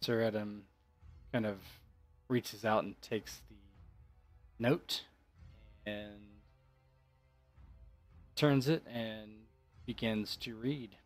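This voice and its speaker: A man narrates a tabletop game as game master at an unhurried pace. His voice sits a little low, with faint music in the background. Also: steady tone.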